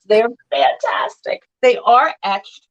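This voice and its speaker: A woman's voice: fairly high pitch, takes it slowly, lo-fi sound, background noise. Chatty woman selling vintage glass. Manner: chatty, playful storytelling with voiced quotes. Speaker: vintage glass seller on a live sale. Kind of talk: live sale chat.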